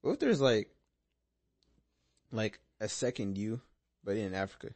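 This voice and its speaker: A man's voice: on the low side, big pitch swings, a little slow, darkish tone. A young man co-hosting a podcast, dropping wry, chuckling asides in casual chat. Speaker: podcast co-host.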